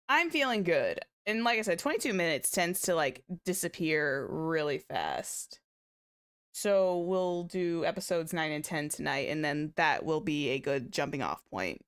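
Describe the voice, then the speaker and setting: A woman's voice: fairly low pitch, a bit bright, clean tone. A woman hosting a casual anime watchalong stream, chatting to her viewers and breaking into giggly, squealing reactions. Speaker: VTuber host of an anime watchalong.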